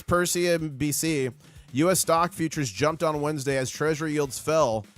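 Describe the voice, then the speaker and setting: Upbeat guy on a live trading stream, bit high voice, faint music behind. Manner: excitable, reads viewer comments aloud, upbeat hype. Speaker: livestream host. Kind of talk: live market commentary and chat reading.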